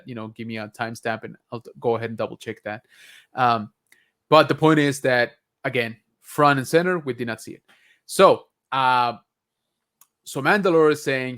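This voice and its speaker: Male podcast co-host, casual and rambling, mid-pitched voice. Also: fairly bright tone, clear, resonant tone. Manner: rambling, many fillers and restarts. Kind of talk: casual chat.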